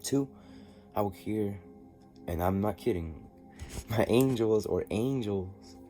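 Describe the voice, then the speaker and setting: A man telling a personal story in a diary vlog, halting and rambling with many restarts. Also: lowish voice, warm tone. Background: music.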